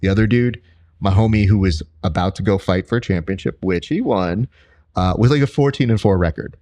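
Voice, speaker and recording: A young man hosting a casual interview podcast, telling stories in an animated way and jumping high in pitch when he quotes people. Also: fairly quick. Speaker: podcast host and combat sports commentator.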